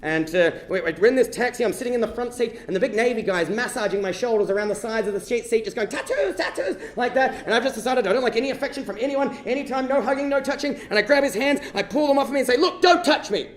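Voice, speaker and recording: A man performs a comic true-life story on a live stage in a very high voice, talking fast. He is animated and swears freely, and his voice echoes through a roomy live hall. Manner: animated, bursts into shouting, swears. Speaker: stand-up storyteller.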